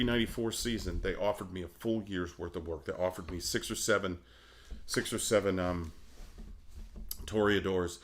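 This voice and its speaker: Low-voiced man telling animated stories. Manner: animated, acts out quoted voices, laughs often. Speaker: guest, opera baritone. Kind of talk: casual interview storytelling.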